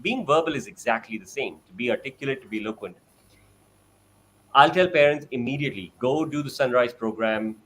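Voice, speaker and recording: A man's voice: animated, a little fast. A man on a video call explaining how parents can coach a child, animatedly acting out parent-child exchanges. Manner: acts out parent-child exchanges in a bright high voice. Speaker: parent sharing experience.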